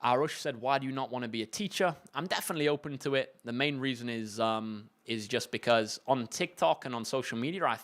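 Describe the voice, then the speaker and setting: A man's voice: mid-range voice, a little fast, hardly any pauses. Chatty young British man, tutor livestream. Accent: British English. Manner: relaxed, chatty, many fillers and restarts. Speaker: maths tutor. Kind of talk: casual livestream Q&A.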